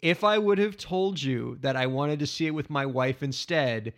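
Wry, fairly high-voiced man. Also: moderate pace, slight background noise. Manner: dry, wry humor. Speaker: podcast co-host. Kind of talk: casual chat.

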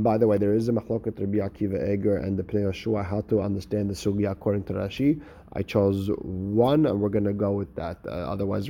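A man teaching a Talmud lesson. He reads the text quickly, then explains it in English with many hesitant fillers and restarts. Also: medium pitch, mellow. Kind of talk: Talmud lesson, reading and translating.

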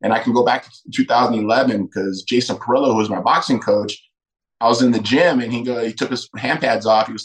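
Fast-talking middle-aged man telling stories. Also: mid-range voice, poor audio. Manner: fast, emphatic, acts out quoted dialogue. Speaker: podcast guest, retired fighter. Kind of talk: candid personal storytelling.

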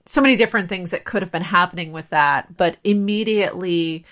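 Low-voiced thoughtful woman co-host. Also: a bit bright. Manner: measured and thoughtful, pausing on "um". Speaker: podcast co-host. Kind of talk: casual film discussion.

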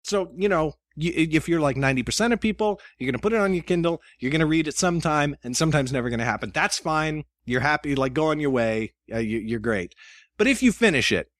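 A man talking as a guest on a podcast, animated and self-mocking, acting out the emails he sends. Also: fairly high pitch, fast, no room sound, clean studio sound. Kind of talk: casual interview chat.

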